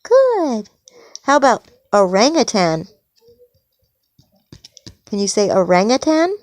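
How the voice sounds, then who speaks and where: A woman's voice: fairly high pitch, very animated, a little slow, dry recording. A woman patiently teaching a toddler animal names at home, with exaggerated encouraging praise.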